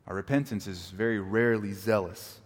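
A man preaching a sermon as pastor, animated, acting out quoted apologies and arguments. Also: fairly low pitch, a little fast. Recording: long reverb of a large hall.

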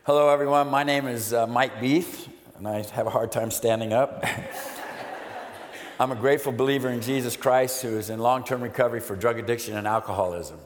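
A middle-aged man, a recovery pastor, giving an excited, emotional testimony to a church congregation and telling stories with animated voices. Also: medium pitch, a little fast, a little hiss or hum. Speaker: recovery pastor, guest speaker. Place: church hall. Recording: echoey hall with long reverb.

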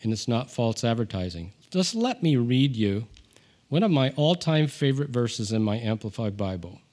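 A man preaching a sermon, conversational with asides, rising in pitch and volume when he reads scripture aloud. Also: very animated, moderate pace, a little mellow. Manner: conversational with asides and self-deprecating humor. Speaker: pastor.

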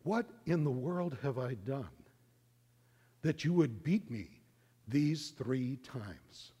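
A man voicing a female donkey who speaks slowly and reproachfully. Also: mid-range voice, animated, warm tone, slightly rough, long reverb tail.

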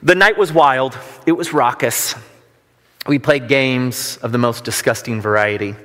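Man, pastor, sermon, conversational, joking, bright tense voice, long church reverb. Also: mid-range voice, measured pace. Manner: conversational, self-deprecating humor.

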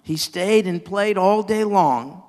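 A man preaching, reading a children's story with animated delivery and side remarks to his listeners. His voice sits on the higher side, and it carries a long reverb. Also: takes it slowly.

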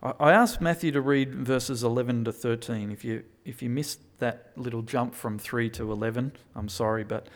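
A man preaching a sermon, moving between quiet reflection and loud, emphatic pleading. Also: medium pitch, moderate pace, few pauses.

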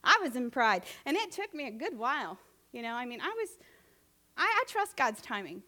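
A woman preaching a sermon in a conversational, animated way, often asking the congregation questions. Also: high voice, normal speed.

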